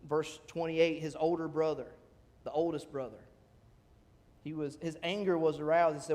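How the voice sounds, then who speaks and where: A male pastor preaching a sermon in a church sanctuary, talking conversationally and rising in pitch on emphatic questions. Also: normal speed, a little mellow. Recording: long church hall reverb.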